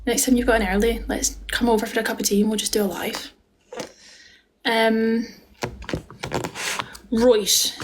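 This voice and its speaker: A woman's voice: fairly high pitch, a little hiss or hum. Chatty Scottish woman on a live stream. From Scotland. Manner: chatty and affectionate, calls viewers darling and lovely. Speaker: live-stream host and musical theatre performer. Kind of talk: casual live-stream chat answering viewer questions.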